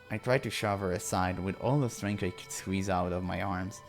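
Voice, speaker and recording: A man narrates a visual novel in the first person during a playthrough. His voice sits fairly low, and his reading is steady and earnest. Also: moderate pace, few pauses, faint music behind. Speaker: let's-play narrator.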